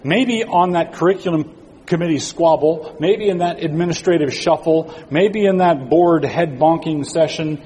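A man's voice: a little high, moderate pace, mellow. Man preaching in a long echoing hall. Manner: earnest, repeats phrases for emphasis, restarts often. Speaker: speaker at an educators' conference. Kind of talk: sermon-style talk. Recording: long reverb in a hall with faint noise.

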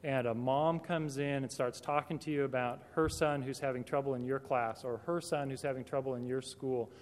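With a medium pitch, fairly even intonation and a moderate pace, a man speaks conversationally to Christian educators, addressing them directly. His talk is packed with rhetorical questions, and the hall adds long reverb.

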